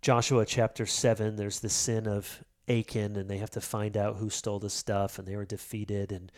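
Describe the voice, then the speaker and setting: Animated man telling stories. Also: lowish voice, normal speed. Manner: animated storyteller, acts out quotes. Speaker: author and pastor guest. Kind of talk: casual interview talk.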